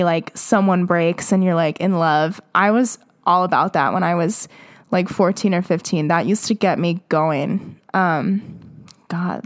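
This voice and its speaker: A woman's voice: medium pitch, dry recording, studio quality. A woman in her twenties reading fan fiction aloud and adding casual, teasing commentary full of fillers. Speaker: vlogger.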